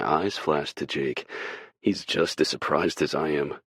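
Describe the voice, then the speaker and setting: A man's voice: a bass voice, unhurried, a bit bright, slightly rough, dry recording, clean studio sound. A man narrating a romance audiobook in first person, wry and brooding.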